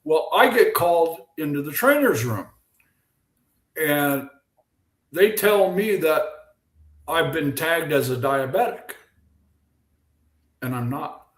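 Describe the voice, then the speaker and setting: A man's voice: a little high, slow, pauses often, roomy sound, low-quality recording. An older man, a former ballplayer, telling stories casually on a video call and acting out the lines of the people in them. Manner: animated anecdote teller, acts out quotes. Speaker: guest, former baseball pitcher. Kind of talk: casual storytelling.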